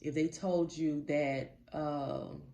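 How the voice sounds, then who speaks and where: A woman's voice: low-pitched, fairly even intonation, slow pace, warm tone. A woman life coach giving a motivational talk to camera, blunt and casual, addressing viewers directly and repeating her points for emphasis.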